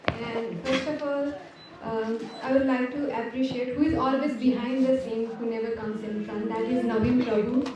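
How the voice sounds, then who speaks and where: A woman thanking a speaker and others after a devotional class, pausing often with fillers. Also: on the high side, fairly even intonation. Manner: hesitant, many fillers. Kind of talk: speech of thanks. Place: home gathering room. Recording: echoey room, mic far off, noisy.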